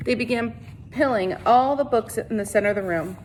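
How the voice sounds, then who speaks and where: A woman reading a novel aloud as a teacher, in a steady storytelling voice with small slips and restarts. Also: a little high, brisk, slight background noise.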